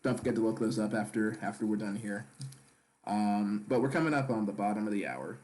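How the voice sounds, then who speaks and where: Male stream host, lowish voice, casual chatty commentary, reads the live chat aloud. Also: a little fast, darkish tone.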